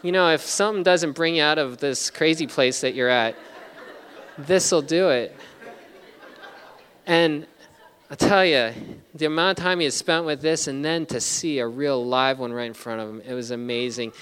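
A man's voice: a little high, moderate pace, a bit bright, a faint crowd. A middle-aged man preaching a sermon, telling a story earnestly with many restarts. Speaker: pastor. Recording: long reverb of a large hall.

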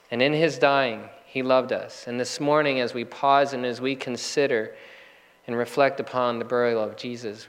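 A male pastor delivers a sermon in an earnest, measured way, leaning on slow, deliberate pauses. His voice sits at an ordinary middle pitch. The sound carries a long reverb, like a church hall. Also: fairly bright tone.

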